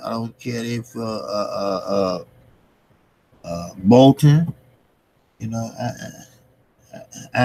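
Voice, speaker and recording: A man's voice: medium pitch, darkish tone, no room sound, poor audio. A middle-aged man hosting his own channel, chatting loosely to his viewers with lots of fillers and laughs. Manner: loose and rambling, many fillers, laughs often. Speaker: channel host. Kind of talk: casual chat to camera and viewers.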